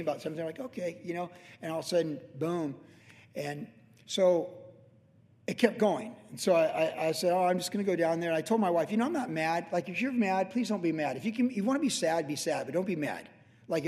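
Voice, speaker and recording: Late-fifties male pastor, chatty, meandering storyteller, voice on the higher side, recorded with reverb in a big hall. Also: fast, a little mellow. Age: late 50s. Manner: rambling, conversational, with many restarts and "like". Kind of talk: casual sermon storytelling.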